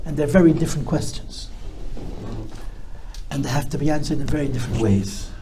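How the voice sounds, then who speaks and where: A man's voice: fairly high pitch, fairly quick, background noise. A man, a rabbi, speaking to a live audience and answering their questions, reflective, with emphatic bursts. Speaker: rabbi giving a talk. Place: talk before a live audience.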